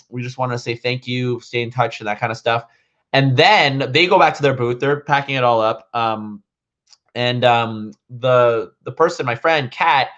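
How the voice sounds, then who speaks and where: A man's voice: medium pitch, fairly bright tone. A man vlogging, casually telling a long story to his viewers, rambling with lots of "like" and "um" fillers. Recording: dull lo-fi recording.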